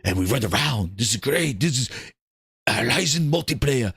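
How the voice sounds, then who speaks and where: A man putting on a pompous male action-hero voice, deep and slow with a heavy put-on accent, pitching a game idea over and over. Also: expressive, a bit bright, breathy edge, full character voice. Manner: pompous, repetitive.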